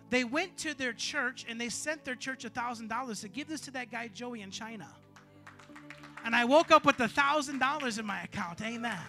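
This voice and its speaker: A male preacher tells his story in a strikingly high voice. His tone is piercing and bright, and his delivery swings into animated shouting. Soft music plays faintly behind him. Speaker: bishop preaching. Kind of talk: sermon with a story.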